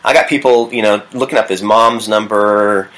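A man who works as a youth pastor, telling a personal story in a casual, halting way with many restarts. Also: lowish voice, steady tone, fairly bright tone, rough recording. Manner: halting, with frequent restarts and fillers.

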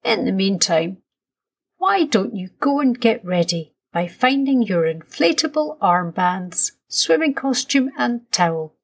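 A woman voicing a patient, gently firm father in a storybook reading, calm and reassuring. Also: medium pitch, a little slow, creaky, breathy edge, heavily acted.

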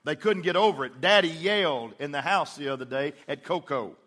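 Folksy preacher in a reverberant church. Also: male voice, fairly high pitch, brisk, fairly bright tone. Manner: folksy storytelling with acted-out quotes. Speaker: pastor. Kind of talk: sermon.

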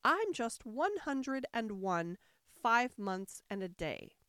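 Muddled, fretful old queen who squeals high; storybook reading, dry and close. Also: sing-song, slow, fairly bright tone, clean tone, dry recording, heavily acted. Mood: fussing. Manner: shrill squeaky screams and fretful wailing. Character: flustered, scatterbrained old White Queen.

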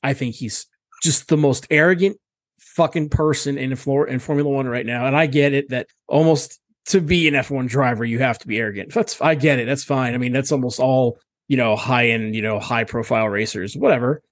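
A man's voice: medium pitch, brisk, no room sound. Guy on a podcast rambling his opinions, swears a lot, dry close sound. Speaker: podcast co-host. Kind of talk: casual chat.

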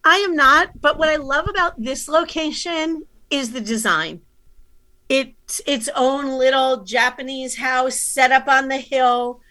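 A woman co-hosting a relaxed chat, recommending spots with detailed enthusiasm. Her voice sits a little high and rings bright. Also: unhurried. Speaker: co-host. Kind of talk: casual chat giving tips.

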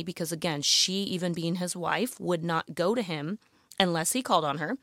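Animated woman teaching the Bible. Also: lowish voice, moderate pace, dry recording, clean studio sound. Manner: animated and emotional, often saying "you guys" and "like, literally". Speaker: Bible teacher addressing women listeners. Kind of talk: casual Bible teaching podcast.

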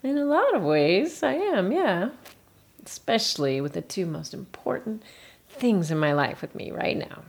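An actress playing a wistful middle-aged mother who gets emotional and slips into breathy whispers as she remembers her first love. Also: medium pitch, very animated, unhurried, heavily acted. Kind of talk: film drama acting.

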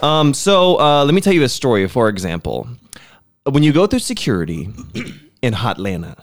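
An American man co-hosting a relaxed podcast, his voice rising and falling in a lively way as he spins stories. He laughs often and slips into the voices of the people he quotes. His pitch sits in the middle for a man. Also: normal speed, heavy background noise. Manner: animated storyteller, laughs often, acts out quoted exchanges. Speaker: podcast co-host. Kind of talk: casual podcast chat.

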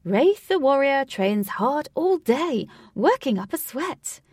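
A woman's voice: sits high, sing-song, takes it slowly, a little mellow, no echo, clean studio sound, pitched above the performer's own voice, heavily acted. A woman voicing an eccentric, flamboyant male showman who announces theatrically to a crowd.

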